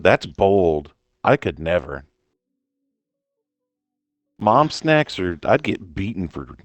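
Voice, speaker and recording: A man's voice: deep voice, no echo. A young man joking around in slang as a player in a tabletop game.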